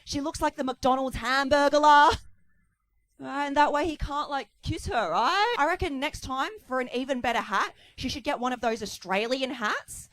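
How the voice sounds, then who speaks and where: A woman performing a stand-up set with punchy, animated joke delivery. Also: high-pitched, moderate pace. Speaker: stand-up comedian.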